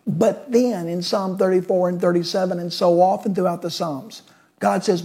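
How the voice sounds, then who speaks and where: A woman's voice: fairly low pitch, fairly even intonation, moderate pace, mellow, breathy edge. A woman preaching a sermon in an emphatic way, stacking up repeated phrases into building lists.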